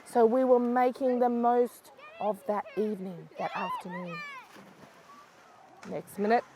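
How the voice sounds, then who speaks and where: Lively older woman telling a story. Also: a little high, measured pace, noisy background. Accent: Aboriginal Australian English, South Australia. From South Australia. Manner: lively, swings between hushed and excited calls. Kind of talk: oral storytelling for children.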